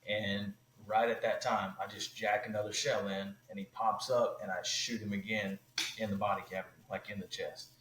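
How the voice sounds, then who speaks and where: A man telling a hunting story on a podcast, animated and loose, full of "like" and "you know". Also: lowish voice, normal speed, echoey room, a little hiss or hum, poor audio. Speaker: podcast guest.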